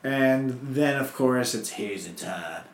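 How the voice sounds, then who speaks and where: A young man hosting a casual chat, telling stories in an animated way, swearing and acting out quotes. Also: mid-range voice, slow, echoey room, slight background noise.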